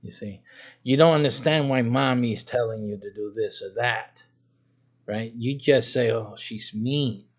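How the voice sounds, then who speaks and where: A man's voice: mid-range voice, moderate pace. A man pastor giving an informal sermon teaching, with a demonstrative manner, acting out stern warnings and chuckling. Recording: dull lo-fi livestream audio.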